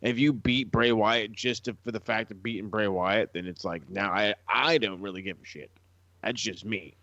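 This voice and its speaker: A man's voice: on the low side, moderate pace, dry recording. A man co-hosting a podcast, ranting and swearing heavily in casual chat. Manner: profane, ranting, animated. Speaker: podcast co-host. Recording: dull, lo-fi sound.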